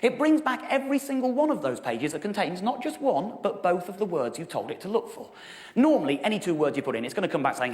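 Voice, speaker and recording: A man's voice: sits high, very animated, quick pace, darkish tone. Wry man telling a comic story. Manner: wry, exasperated, self-mocking delivery with frequent laughter. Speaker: stand-up comedian. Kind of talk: stand-up storytelling. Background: audience laughter.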